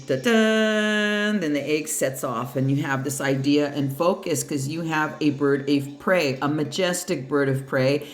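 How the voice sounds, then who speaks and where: A tarot card reader giving a pick-a-pile reading. The reader talks bluntly and emphatically, swears freely and speaks straight to the listener with encouragement. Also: medium pitch. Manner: encouraging, addresses the listener directly. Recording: roomy echo.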